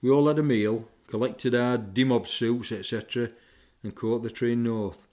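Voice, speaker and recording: A man's voice: medium pitch, steady tone, moderate pace. An older man, plainly recounting his war memories in a reflective way. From England, Sheffield. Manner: plain-spoken, reflective, softening with grief. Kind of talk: personal memoir recollection.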